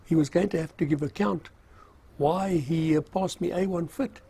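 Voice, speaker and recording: An older man telling a personal memoir in a relaxed, rambling way, poking fun at himself. His voice is gravelly and very husky, with a mellow, slightly higher pitch. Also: normal speed. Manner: rambling, self-mocking, with frequent fillers and chuckles. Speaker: storyteller recalling army service. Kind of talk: casual spoken memoir.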